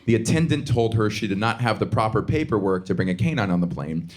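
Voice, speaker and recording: A man from the Southern US performing a stand-up comedy set on a theater stage, with a sardonic, punchy delivery and sudden high-pitched outbursts. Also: lively intonation, quick pace. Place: theater stage before a live audience. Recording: live stage recording with audience noise.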